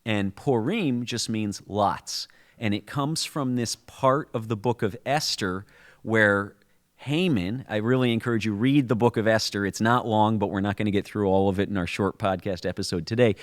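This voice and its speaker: A man's voice: fairly low pitch, moderate pace. A man co-hosting a podcast, explaining a holiday story in a conversational, storytelling way with frequent restarts. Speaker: podcast co-host.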